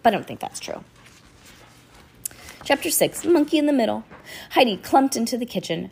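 Woman, reading a children's chapter book aloud, a bit sick, gravelly, husky. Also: medium pitch, animated, normal speed, darkish tone. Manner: recaps and chats about the story between readings. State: a little sick. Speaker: reader.

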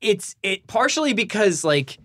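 Higher-voiced man telling self-deprecating anecdotes. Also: big pitch swings, normal speed, fairly bright tone, no echo. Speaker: podcast co-host. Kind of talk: casual chat.

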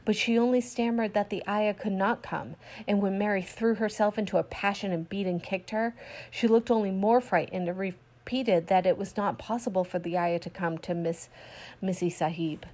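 A woman narrating a classic story aloud in a steady storytelling read, voicing quoted lines lightly. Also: mid-range voice, moderate pace. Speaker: audiobook reader. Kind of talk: scripted narration.

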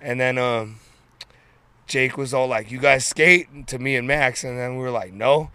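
A man's voice: medium pitch, fairly even intonation, normal speed, fairly bright tone, smooth, no room sound. Laid-back profane man, dry sound. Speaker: interview guest, skateboarder. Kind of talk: casual storytelling interview.

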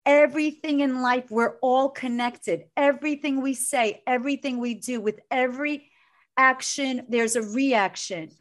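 A woman's voice: high-pitched, a little slow. A middle-aged woman, a coach, talking earnestly and from the heart about her work and family in an interview. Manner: earnest, heartfelt, speaks with conviction. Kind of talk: emotional interview conversation.

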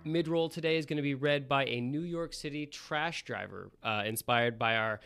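A man running a tabletop game as dungeon master, narrating in a relaxed way with fillers. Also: mid-range voice, moderate pace, gravelly, loud music behind the voice.

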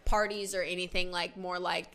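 A young woman from Australia with an Australian accent, telling stories in a casual chat, animated and full of "like". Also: on the low side, normal speed. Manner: animated storyteller, lots of "like", laughs often. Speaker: podcast guest.

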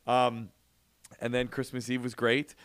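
A middle-aged podcast co-host with a mid-range voice talks at a normal speed. An animated storyteller, he shares family stories in casual chat and laughs often.

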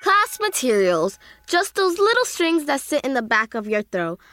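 A woman's voice: sits high, sing-song, moderate pace, sharp tone. A woman co-hosting a kids' music lesson, bubbly and curious.

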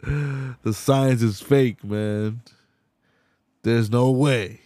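A man's voice: mid-range voice, fairly even intonation, extremely slow, pauses often, darkish tone, no room sound. A young man hosting a podcast, rambling casually with slang, swearing and laughter. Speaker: podcast host. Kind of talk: casual solo commentary.

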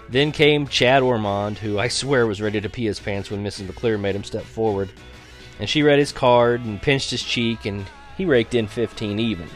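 A man narrating a teen story as an audiobook, in a wry, sarcastic tone that breaks into laughs. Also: lowish voice.

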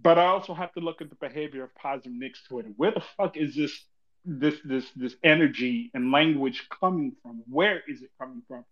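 A man's voice: medium pitch, fairly quick, highs cut off. A man venting on a casual podcast, profane and rambling, repeating himself when he is frustrated.

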